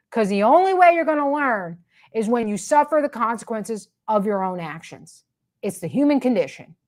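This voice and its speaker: A woman's voice: high voice, very animated, unhurried. A woman hosting her own commentary show, ranting with sarcasm and emphatic repetition. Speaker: commentary host.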